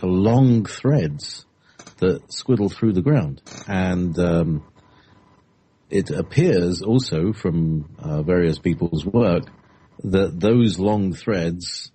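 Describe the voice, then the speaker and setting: Deep, husky-voiced male co-host. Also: warm tone. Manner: meandering, hesitant, lots of fillers. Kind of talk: casual chat.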